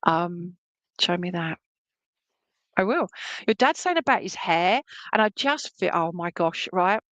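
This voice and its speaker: A woman's voice: fairly low pitch, lively intonation, unhurried, a bit bright, dry recording. A woman working as a spiritualist medium, giving a chatty, reassuring reading with lots of fillers at an online service from a room at home.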